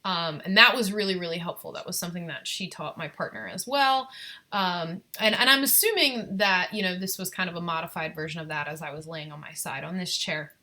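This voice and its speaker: A woman's voice: on the low side, a little fast, sharp tone. A young woman telling her birth story on a live stream, candid and reflective, with many ums and restarts. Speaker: vlogger.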